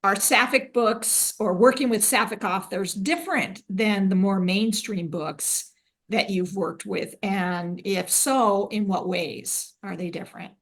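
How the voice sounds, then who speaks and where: A woman's voice: medium pitch, unhurried, fairly bright tone. A woman podcast host interviewing a guest in a conversational, affirming way.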